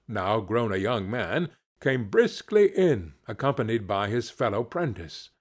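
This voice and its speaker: A man narrating a classic story as an audiobook reader, in a deliberate, expressive way. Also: medium pitch. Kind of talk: scripted narration.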